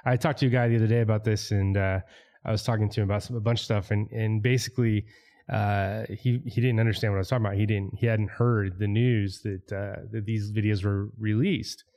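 A man in a casual discussion, speaking in a relaxed, halting way with many pauses. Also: on the low side.

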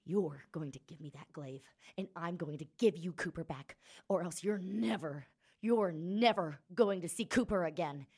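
A woman playing a fierce woman leader in a tabletop game, swinging between hushed threats and loud outbursts. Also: on the low side, normal speed, slightly rough. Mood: furious. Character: fierce woman leader confronting a former ally.

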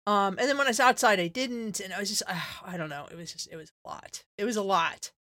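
Woman, 30s, veterinarian podcast co-host; casual, animated, filler-heavy storytelling; recorded dry and close. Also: medium pitch, fast talker, dry recording. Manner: animated storyteller, acts out her own quotes; many fillers like "like" and "you know".

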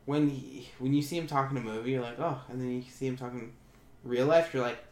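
Recorded in an echoey room with a bit of faint noise, a man hosts a casual podcast chat, rambling and frequently restarting or hesitating. He talks fairly quickly in a mid-range voice with fairly even intonation.

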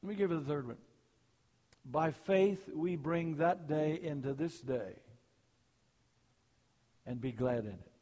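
An older man preaching a sermon, telling folksy personal stories and rising high and loud for punchlines. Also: unhurried, long pauses, long reverb tail.

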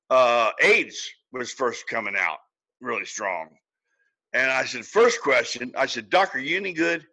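A man's voice: medium pitch, pushed and bright, low-quality recording. An older man, a podcast guest, telling a long personal story in a folksy, casual way with chuckles.

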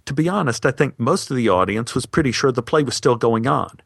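A man's voice: mid-range voice, brisk, gravelly, no room sound, studio quality. Wry man telling a personal story. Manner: wry, deadpan humor.

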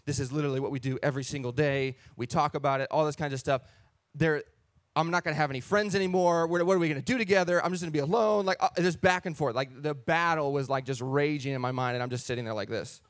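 A man's voice: on the high side, no echo, clean studio sound. Earnest man telling his faith story. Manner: earnest and animated, acting out his own thoughts. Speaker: person sharing a faith testimony. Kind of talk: personal testimony storytelling.

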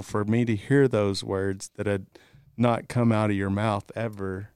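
A man guest telling a personal story in a relaxed, reflective way. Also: on the low side, a little slow, smooth, dry recording, clean studio sound. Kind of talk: casual faith-based chat.

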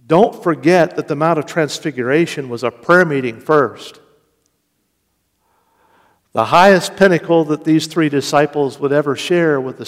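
Preaching man in an echoing hall. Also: fairly high pitch. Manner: slow deliberate preaching with rising emphasis. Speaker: pastor. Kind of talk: sermon. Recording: long reverb of a large hall.

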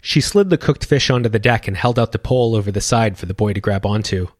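A man reading a children's adventure story as narrator, calm and even. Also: lowish voice, quick pace, no room sound, studio quality. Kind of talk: scripted narration.

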